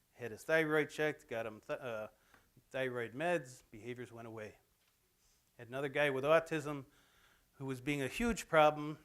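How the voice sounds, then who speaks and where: Middle-aged male presenter, conversational and anecdotal, speaking to a campus audience. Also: medium pitch. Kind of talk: informal lecture to students. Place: college theatre, in front of an audience.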